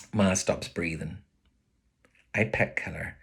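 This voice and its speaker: A man with a Belfast accent, an author reading his own novel aloud as expressive first-person storytelling. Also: deep voice, normal speed, slightly rough.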